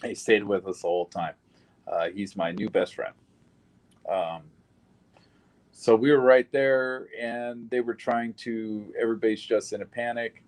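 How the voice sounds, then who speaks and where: A man with a somewhat low voice recounts events in a recorded witness interview. He speaks bluntly and plainly, and he swears now and then. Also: a little slow, darkish tone, rough recording. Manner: blunt, plain-spoken retelling with occasional swearing. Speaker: shooting survivor giving a statement.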